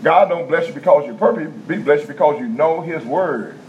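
This male preacher's voice is a little high and moves at a normal speed as he delivers a folksy, repetitive sermon in a prison chapel, building to emphatic bursts. The recording is dull and lo-fi, with faint room ambience and a slight hiss or hum.

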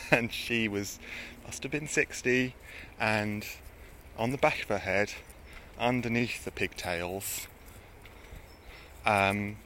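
A man's voice: on the low side, a bit bright, slight background noise. A man telling rambling, sweary anecdotes in casual chat, often laughing as he goes.

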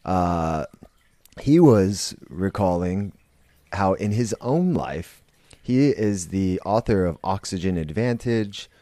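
Male podcast host, deep dark voice, unhurried, swears freely, rambles and restarts. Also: expressive, no echo. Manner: blunt, profane, rambling with restarts. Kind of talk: casual monologue.

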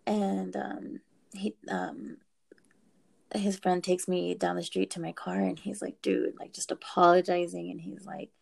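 A young woman casually telling a story, animated, swearing and laughing as she goes. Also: lowish voice, unhurried, vocal fry, breathy edge.

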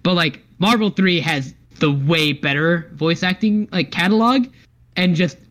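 A young man co-hosting a podcast in casual chat. He is animated, laughs often and talks with many fillers. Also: a little high, unhurried. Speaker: podcast co-host.

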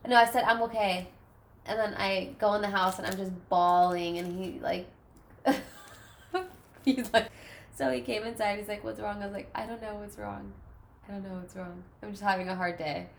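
A woman's voice: mid-range voice, moderate pace, gravelly, long pauses. Chatty woman in an echoey room. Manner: chatty, animated storytelling. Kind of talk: casual chat. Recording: echoey room, faint noise.

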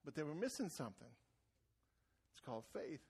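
High-voiced preaching man. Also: very animated, a little fast, husky. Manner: conversational preaching that builds to raised, shouted emphasis; repeats words when starting phrases. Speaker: pastor. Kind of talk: sermon.

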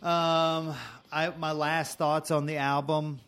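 A man's voice: a little high, little pitch movement, slow, fairly bright tone, clear, resonant tone. A man co-hosting a podcast, chatting casually about albums in a joking, rambling way that trails off mid-thought. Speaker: podcast co-host. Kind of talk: casual chat reviewing albums. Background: faint music playing.

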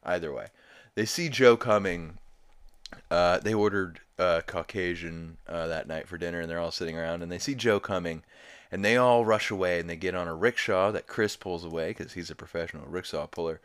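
A young man with a very low, smooth, clear voice recaps a cartoon episode in a loose, rambling way. He swears freely and laughs at the jokes as he goes. He sounds like a casual podcast host. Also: fairly quick. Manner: rambling, profane, laughs while retelling.

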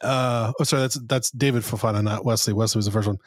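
A man's voice: fairly low pitch, steady tone, fast, no echo. A man co-hosting a casual football podcast, laid-back and rambling, swearing now and then. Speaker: podcast co-host.

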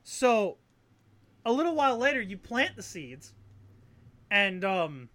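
With a mid-range, slightly bright voice and big pitch swings, a speaker rants slowly about a video game. Exasperated, sarcastic, and profane, they ramble and keep restarting sentences, and there's no room sound.

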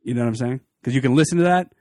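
A man's voice: mid-range voice, rapid-fire, darkish tone, no echo, clean studio sound. A man co-hosting a podcast, rambling through casual chat with lots of "you know". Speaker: podcast co-host.

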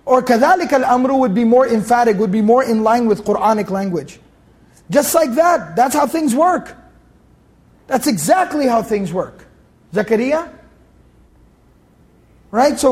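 A man's voice: very high voice, darkish tone. A man giving a casual, conversational Quran commentary class, mixing Arabic recitation with plain English explanation and acting out scripture dialogues. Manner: acts out scripture dialogue in shifting voices. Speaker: Quran teacher.

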